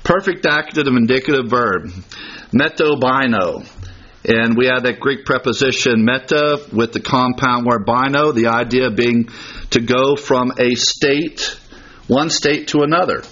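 A man delivers a sermon with a husky edge to his voice, pressing his points with emphasis and stacking up scripture references. The recording is dull and lo-fi, with the top end rolled off. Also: medium pitch, bright, forceful tone. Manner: emphatic, citing verse references rapidly. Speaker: pastor. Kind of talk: expository sermon. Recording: dull lo-fi sound.

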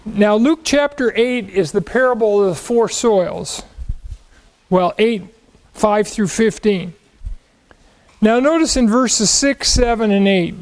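A man's voice: sits high, takes it slowly, low-quality recording. A man teaching the Bible verse by verse, asking questions and answering them, leaning on key words.

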